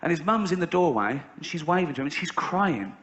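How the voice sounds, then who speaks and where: Here a middle-aged stand-up from England tells deadpan stories a little fast, bursting into shrill shrieks when imitating other people. He's on a large theatre stage, and the dull audio picks up the roomy hall and the audience's laughter.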